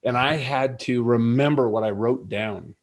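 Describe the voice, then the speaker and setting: A man's voice: medium pitch, unhurried. A middle-aged man and leadership coach, a guest telling a personal story in an earnest, reflective way. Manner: earnest, reflective, with many fillers. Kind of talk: conversational storytelling interview.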